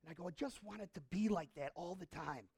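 A middle-aged male pastor preaching a sermon in a conversational way, asking the congregation questions and swinging from hushed to impassioned. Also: high-pitched, a little fast, husky. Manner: conversational, asks the audience questions.

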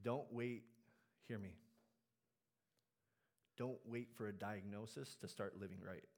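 A male pastor preaching a sermon in church, animated, swinging between loud exhortation and quiet, earnest asides. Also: lowish voice, unhurried.

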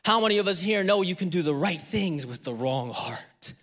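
Young male pastor, high and bright-toned, candid storyteller who builds to emphatic preaching. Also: expressive, moderate pace, in a large hall. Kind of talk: sermon.

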